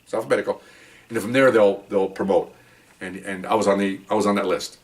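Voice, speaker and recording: A man's voice: fairly low pitch, fairly even intonation, a little fast, far from the mic. Chatty man telling a cop story. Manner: chatty, acts out dialogue, swears offhand. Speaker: retired police officer telling stories on a podcast. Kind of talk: casual first-person storytelling.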